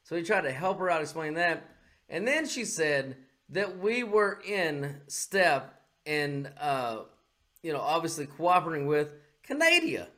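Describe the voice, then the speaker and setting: A man's voice: on the high side, sing-song, a little slow, a bit bright. Blunt, foul-mouthed podcast co-host man. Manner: blunt, heavy swearing, mocking. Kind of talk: casual profane podcast chat. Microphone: podcast microphone.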